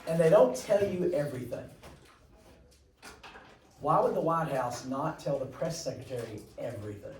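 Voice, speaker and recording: A man's voice: on the high side, animated, normal speed, pauses often, echoey room, recorded from a distance, a little hiss or hum, poor audio. A man teaching a class, chatty and rambling, with jokey asides to his students. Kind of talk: classroom lecture.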